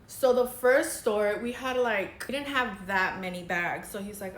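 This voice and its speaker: A woman's voice: medium pitch, measured pace, roomy sound, a little hiss or hum. A young woman, a makeup artist, telling a dramatic story in casual, chatty vlog style. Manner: chatty, dramatic, says girl a lot.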